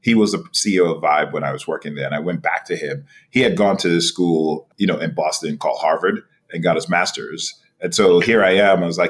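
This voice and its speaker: A man in his forties from New York, a podcast guest telling his career story in an animated way, with many restarts and a repeated "right?". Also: low voice, fairly quick, hardly any pauses. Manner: animated, frequent laughs and restarts, rhetorical "right?". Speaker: podcast guest, executive director. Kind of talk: storytelling interview.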